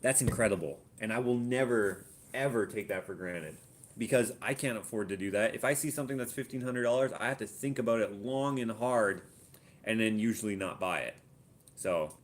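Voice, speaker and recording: A Canadian man hosting a casual live Q&A from his home art studio, thinking aloud and muttering while he looks things up and works out sums. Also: fairly low pitch. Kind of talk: casual live-stream chat.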